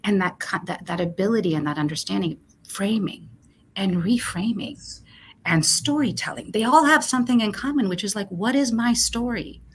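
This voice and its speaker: A woman's voice: mid-range voice, fairly quick, a little hiss or hum. A woman guest, a corporate talent executive, speaking reflectively in a conversational interview and thinking aloud with fillers and restarts.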